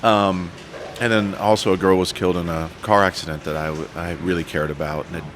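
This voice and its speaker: A man with a low voice sits in as a podcast guest and tells his story with animated energy. He pokes fun at himself and acts out the lines people said to him, with a faint hiss under the recording. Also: a little fast. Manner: self-deprecating. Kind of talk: storytelling interview.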